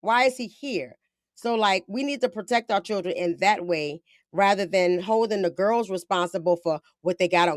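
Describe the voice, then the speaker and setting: A woman's voice: medium pitch, moderate pace, no room sound, clean studio sound. A woman hosting a podcast, talking bluntly in casual slang, often acting out quotes. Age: adult with a daughter. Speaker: podcast host.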